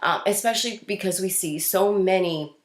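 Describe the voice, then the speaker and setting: A woman's voice: mid-range voice, moderate pace, echoey room. A woman hosting a casual news commentary show, talking in a chatty way with fillers and restarts. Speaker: host.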